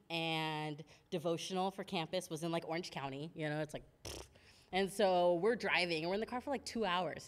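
Lively woman preaching in a church hall. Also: fairly low pitch. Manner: animated storytelling, acts out her own past words, laughs often. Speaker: speaker at a women's midweek church service. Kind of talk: personal testimony sermon.

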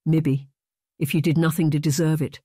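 A narrator voicing a weary, stern old Highland chieftain, a man over sixty with a Scottish accent who talks in a scolding way. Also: little pitch movement, moderate pace, mellow, slightly rough, dry recording, studio quality.

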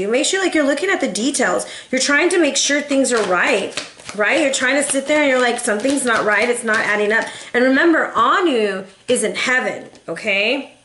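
A woman in her thirties reads tarot in a chatty, heartfelt way, wandering into asides. Her voice sits a little high. The room around her is echoey. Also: a bit bright. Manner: chatty and emotional, with rambling asides. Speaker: tarot reader. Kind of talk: casual tarot reading.

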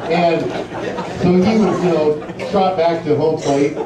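A man's voice: fairly high pitch, steady tone, a little slow, over a noisy crowd, heavy background noise. A middle-aged man giving a speech full of rambling anecdotes, with many fillers, laughing at his own stories. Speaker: guest speaker at an induction ceremony. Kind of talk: storytelling speech. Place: large banquet hall. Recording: distant, muffled, echoey hall recording.

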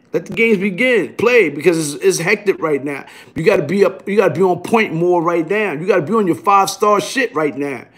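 A man from Brooklyn speaks in a raised, high register. He rambles in a raw street monologue, cursing freely and circling back with the same tag questions again and again. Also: a bit bright. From Brooklyn, New York. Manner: streetwise, profane, repeats "you heard?" tags. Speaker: vlogger.

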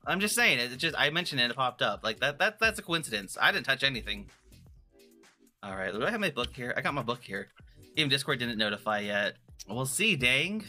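A man's voice: mid-range voice, sing-song, a little fast, pushed and bright, faint music behind. A man chatting casually on a live stream, playful and rambling, often restarting his sentences. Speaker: vtuber streamer.

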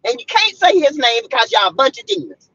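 A woman's voice: high voice, big pitch swings, fairly quick, gravelly, a bit bright, no echo, dull audio. A woman from South Carolina, a vlogger, delivering a fiery, preachy, blunt rant to her viewers from her car.

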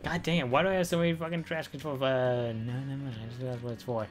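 A man streaming a video game, talking casually and excitably, repeating himself and swearing freely. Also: medium pitch, fast talker, music in the background. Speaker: gaming streamer. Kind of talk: casual gameplay commentary.

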